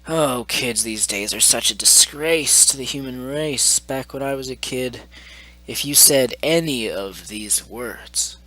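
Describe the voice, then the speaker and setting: A man with a bright, sharp-edged voice narrates and reacts to messages he has received. His delivery is sarcastic and mocking, full of exasperated asides, in the manner of a gaming channel host. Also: mid-range voice, unhurried, no echo.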